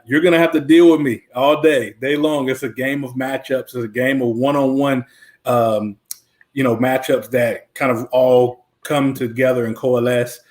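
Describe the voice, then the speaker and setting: A young man guest looks back on his playing days in a relaxed, reflective way, with filler words running through it. His voice sits at an ordinary middle pitch, and his talk is easygoing and conversational. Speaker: guest, former college lineman. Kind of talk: casual interview talk.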